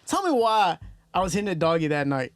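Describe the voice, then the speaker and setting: Young Detroit podcast host, quick joking talk, dry close sound. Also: male voice, high-pitched, very animated, dry recording. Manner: loose, joking storyteller, swears freely. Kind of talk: casual interview chat.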